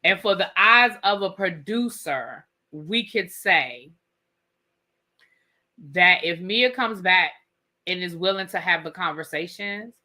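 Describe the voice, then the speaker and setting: A woman's voice: fairly low pitch, animated, slow pace, bright, forceful tone. A woman hosting a live rant-and-review of a reality show, talking emphatically, repeating her points and swearing freely.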